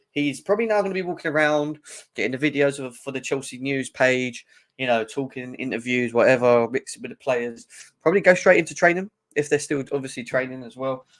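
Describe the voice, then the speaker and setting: An excitable man hosts a casual fan livestream, chatting straight to his viewers. He reels off news in a loose, chatty way and greets people in the chat by name. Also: medium pitch. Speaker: livestream host.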